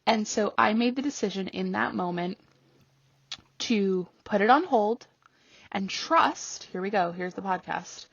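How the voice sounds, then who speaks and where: A woman hosting a podcast tells a personal story in a casual, lively way. She laughs often and jumps high when she acts out her own reactions. Her voice is slightly husky, recorded dry and a little muffled. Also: unhurried, no room sound. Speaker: podcast host.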